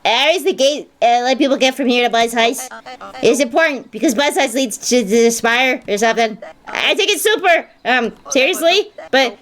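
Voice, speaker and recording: A woman's voice: high-pitched, normal speed, fairly bright tone. A woman voicing a sleepy, rambling gatekeeper from a video game who keeps losing her words. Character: drowsy gatekeeper who raises a heavy gate.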